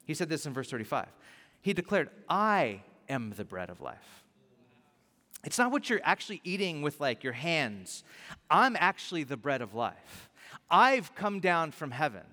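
A male pastor preaching a sermon, animated and emphatic, repeating key lines for weight. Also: a little high, normal speed, big-room sound.

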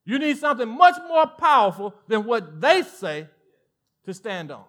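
A male pastor with a Southern American accent preaching a sermon, animated, swinging from loud emphatic lines to hushed asides. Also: very high voice, normal speed.

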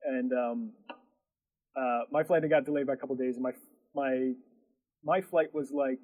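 A man's voice: medium pitch, steady tone, normal speed, narrow, tinny audio. A man who runs a production company, telling a story in casual chat, rambling with lots of fillers and laughing as he goes.

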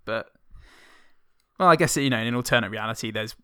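A man co-hosting a podcast, chatting casually about films with quick quips and many fillers. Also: mid-range voice, pushed and bright, smooth. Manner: laid-back, quick quips, frequent fillers. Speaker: podcast co-host. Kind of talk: casual film review chat.

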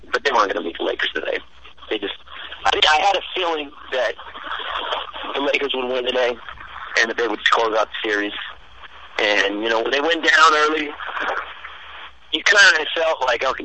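Teasing man on a tinny phone line. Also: mid-range voice. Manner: relaxed, teasing, rambling analysis. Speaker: caller, sports fan. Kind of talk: casual sports chat.

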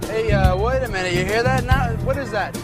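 A sly, easygoing man, voiced by an actor, chats his way through a pretend walkie-talkie call. His voice sits high and loose. It is heard as a film clip with clear music underneath. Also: fairly quick, close to an everyday voice. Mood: breezy.

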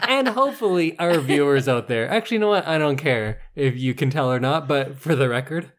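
A man's voice: a little high, animated, fairly quick. A man from Canada hosting a casual podcast, joking around and slipping into put-on old man voices. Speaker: podcast host. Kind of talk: casual chat.

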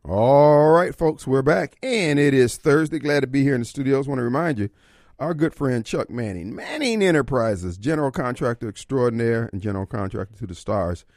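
A man's voice: medium pitch, lively intonation, moderate pace, a little mellow, no room sound. A man hosting a talk radio show from a studio, folksy and theatrical in his opinionated monologue. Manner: theatrical, folksy, slips into voices and asides.

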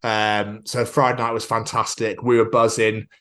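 A man, co-hosting a podcast in casual chat, excitable and sweary, acting out quotes. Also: lowish voice, moderate pace. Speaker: podcast co-host.

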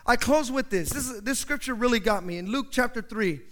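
A man's voice: very high-pitched, lively intonation, brisk, a bit bright. A pastor preaching a fiery sermon in a church, acting out the voices of the people he quotes. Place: church sanctuary. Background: piano playing.

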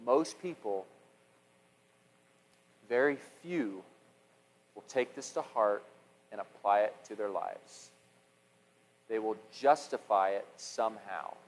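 A middle-aged man preaching a sermon as pastor, animated, with repeated words and restarts, swinging from loud passages to hushed ones. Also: medium pitch, long reverb tail, low-quality recording.

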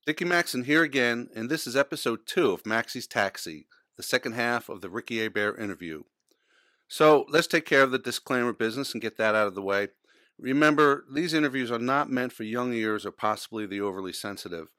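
Bright, dry-voiced male podcast host. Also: medium pitch, animated, no room sound. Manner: measured, earnest intro reading. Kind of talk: scripted podcast narration.

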